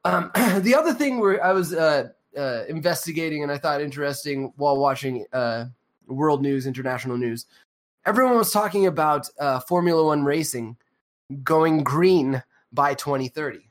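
A man hosting a loose podcast chat, his voice sitting a little higher than most men's. He rambles through fillers and restarts with a sarcastic, profane edge. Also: normal speed. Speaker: podcast co-host.

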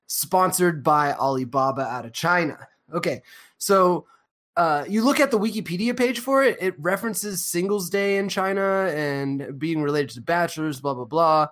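Man, podcast co-host, slightly high voice, rambling, sarcastic, swears a lot. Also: a bit bright. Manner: rambling, filler-heavy, sarcastic. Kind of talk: casual profane chat.

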